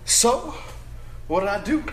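A man performing a dramatic first-person monologue as a brash, boastful young prodigal son, emphatic and often shouting. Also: extremely high pitch, big pitch swings, a little slow, echoey room, a little hiss or hum, exaggerated voice.

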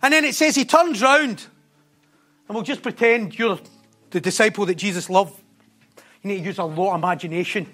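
A man with a strikingly high voice preaches to his congregation with energy. He laughs often and keeps asking his listeners questions as he builds his points. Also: fairly quick, pauses often, faint music behind. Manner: animated, laughing, asks the congregation rhetorical questions. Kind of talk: sermon.

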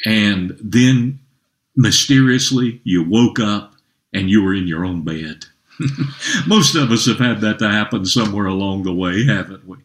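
A man pastor preaching a sermon, earnest, with rising emphasis and slowed key phrases. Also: fairly low pitch. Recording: roomy echo.

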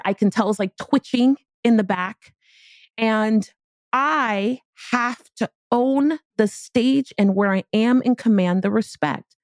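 A woman podcast host and business speaker telling a personal story in an animated, casual, slangy way. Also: mid-range voice, no room sound, clean studio sound. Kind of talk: storytelling motivational talk.

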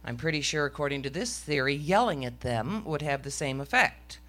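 A woman's voice: low voice, animated, moderate pace, a bit bright. A middle-aged woman telling a story on stage to a live audience, with a wry, self-mocking comic delivery.

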